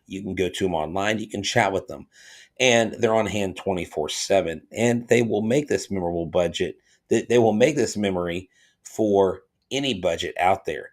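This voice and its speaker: Deep-voiced man reading a sponsor spot. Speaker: podcast co-host. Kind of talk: sports podcast talk and ad reads.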